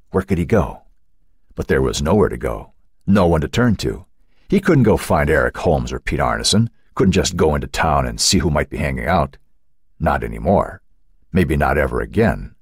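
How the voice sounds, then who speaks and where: A man's voice: low-pitched, a little mellow, slightly rough, dry recording, clean studio sound. A man narrating an audiobook with a dramatic, suspenseful reading.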